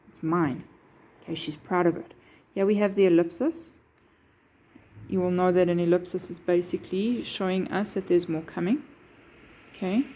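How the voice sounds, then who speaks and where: A woman teacher with a mellow, medium-pitched voice speaks at a normal pace as she walks her students through a poem line by line. She keeps checking in with them, often saying "okay."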